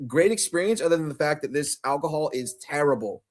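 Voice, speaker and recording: Animated, higher-voiced man telling stories. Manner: animated storyteller, quick laughs, swears freely. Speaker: podcast co-host. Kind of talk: casual chat.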